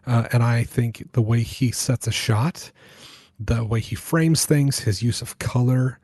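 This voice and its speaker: A man on a casual movie podcast panel, talking through his thoughts and pausing to search for words. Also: medium pitch, darkish tone, no room sound, clean studio sound. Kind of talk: casual film discussion.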